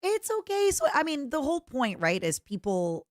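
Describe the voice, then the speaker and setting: A woman streamer chatting casually and reading fan letters, expressive and playful, swinging from excited squeals to soft murmurs, her throat a little strained. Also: sits high, normal speed, no room sound, clean studio sound.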